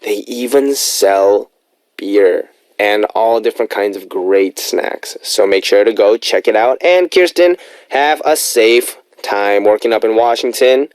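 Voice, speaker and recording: A man's voice: fairly low pitch, unhurried, darkish tone, smooth, dry recording. A man hosting a music radio show, chatting casually and playfully between songs in a studio. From United States. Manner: chatty, playful, upbeat asides. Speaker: radio DJ and host.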